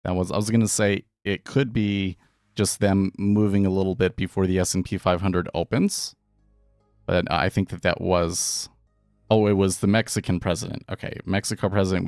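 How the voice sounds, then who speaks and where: A man's voice: low-pitched, a little mellow, clear, resonant tone, dry recording, clean studio sound. A man casually chatting and rambling through a live day-trading stream, laughing often.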